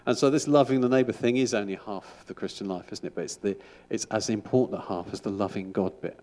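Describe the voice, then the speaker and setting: A man's voice: on the low side, quick pace, darkish tone. A middle-aged man, a school chaplain, giving an informal sermon in a chatty, rambling way with frequent restarts.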